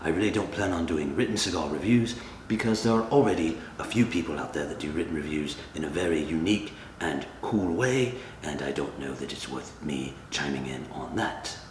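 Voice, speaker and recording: A man hosting a comedic review, talking in a dry, deadpan way. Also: extremely low pitch, a little fast, few pauses. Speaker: cigar reviewer, channel host. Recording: echoey room with faint ambient noise.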